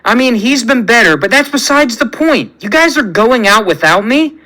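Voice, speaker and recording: A man's voice: extremely high pitch, animated, moderate pace, bright, forceful tone, pitched above the performer's own voice, exaggerated voice. A man reading a fan story aloud, voicing a cocky, lonely young man in a chatty, pleading way.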